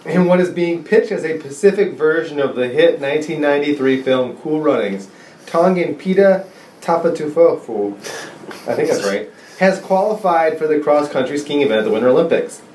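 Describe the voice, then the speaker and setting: A man's voice: fairly high pitch, lively intonation, moderate pace, darkish tone. Wry man in a roomy room. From United States. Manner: wry, joking asides. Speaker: podcast guest. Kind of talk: casual chat. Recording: roomy sound with faint background noise.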